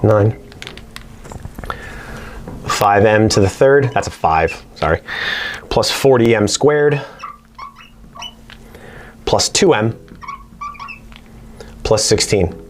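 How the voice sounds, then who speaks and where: A man's voice: lowish voice, drawn-out words, pauses often, a little hiss or hum. Chatty man teaching factoring aloud. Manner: chatty, talks to his barking dog between problems. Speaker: math teacher. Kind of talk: casual whiteboard math lesson.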